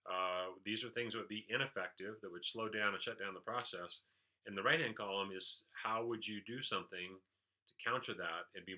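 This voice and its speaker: A man's voice: fairly low pitch, sharp tone. A man leadership trainer giving an explanatory recap of a training session, with frequent "uh" fillers.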